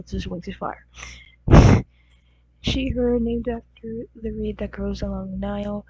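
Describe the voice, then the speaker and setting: A woman's voice: on the high side, fairly even intonation, measured pace, dark tone, husky, dry recording. A woman with a groggy, crusty morning voice, casually rambling and giggling as she shows off her characters. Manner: rambling, giggly, lots of fillers. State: groggy, crusty voice from just waking. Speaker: channel host. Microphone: poor-quality home mic. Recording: dull muffled mic with faint hum.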